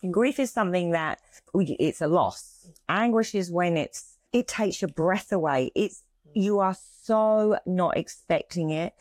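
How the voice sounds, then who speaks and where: A middle-aged woman co-hosting a conversation, speaking haltingly and searching for words as she opens up about feelings. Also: on the low side, a little mellow, no room sound. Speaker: podcast co-host. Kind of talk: casual emotional conversation.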